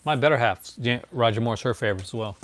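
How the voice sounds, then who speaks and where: A man's voice: medium pitch, fast, fairly bright tone. A man chatting casually as he shows off his disc collection, rambling, laughing often and greeting viewers by name. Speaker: collector showing his discs. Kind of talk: casual livestream show-and-tell.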